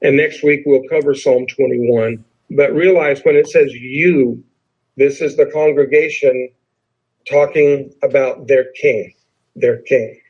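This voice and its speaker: Husky male preacher teaching scripture. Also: mid-range voice, fairly even intonation, highs cut off. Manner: conversational, explains and repeats points; slows down to read scripture with emphasis. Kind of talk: sermon, Bible teaching.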